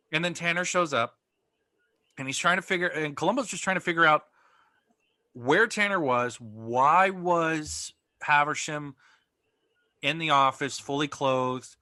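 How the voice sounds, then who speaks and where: A man's voice: on the high side, bright, forceful tone, dry recording. A man co-hosting a podcast in casual chat, recapping plot at length with plenty of ums and uhs. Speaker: podcast co-host.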